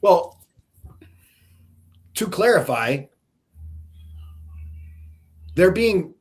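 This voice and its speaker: A man's voice: high-pitched, big pitch swings, slow pace, darkish tone. A man hosting a casual radio talk show who laughs along with his guests and steers the conversation.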